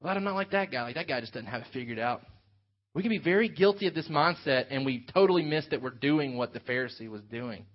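A pastor delivers an earnest sermon, working through a scripture passage for his congregation. He speaks fast, mid-range and with lively intonation, on a dull lo-fi recording.

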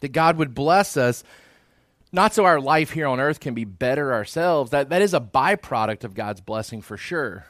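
A man's voice: mid-range voice, animated, normal speed, a bit bright, no room sound, clean studio sound. A man preaching a sermon as pastor, earnest and repeating phrases for emphasis.

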